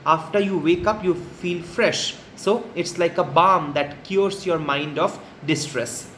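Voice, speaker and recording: High-voiced man teaching in an echoey room. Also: slow pace, fairly bright tone, slight background noise. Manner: patient, plainly paraphrasing each quoted line. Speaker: literature teacher. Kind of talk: explaining a play line by line. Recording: echoey room with faint ambience.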